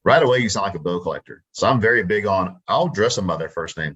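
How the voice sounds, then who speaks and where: Deep husky Texan man talking shop. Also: animated, fast, a bit bright, lo-fi sound. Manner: confident, chatty, acts out phone scripts. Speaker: guest, real estate wholesaler. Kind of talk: casual interview talk.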